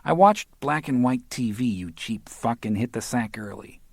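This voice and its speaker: An audiobook narrator voicing a hungover middle-aged male drinker with gruff, crude banter. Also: mid-range voice, expressive, normal speed, dry recording, pitched above the performer's own voice. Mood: gruff joking.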